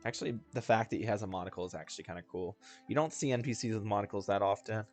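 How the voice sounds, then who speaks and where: Man, lower voice, casual let's-play host, rambly and self-deprecating, faint game music underneath. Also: racing, darkish tone. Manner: rambling, chatty, self-deprecating, laughs often. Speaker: gaming video host.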